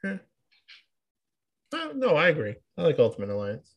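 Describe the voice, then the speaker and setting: Husky-voiced hesitant podcast co-host. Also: male voice, a little high, huge pitch swings, normal speed, highs cut off. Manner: hesitant, many restarts. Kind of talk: casual chat.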